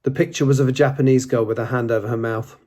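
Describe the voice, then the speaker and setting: A man's voice: mid-range voice, steady tone, quick pace, mellow. A man narrating an audiobook, reading plainly and lightly voicing the dialogue.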